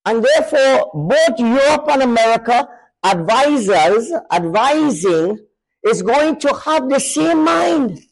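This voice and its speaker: A male preacher giving a sermon, emphatic, swinging between raised and lowered voice. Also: animated, slow pace, poor audio.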